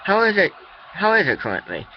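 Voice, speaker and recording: A man's voice: high voice, huge pitch swings, brisk, muffled recording, pitched above the performer's own voice. A man voicing a king who writes a formal diplomatic letter, read out stiffly with stumbles.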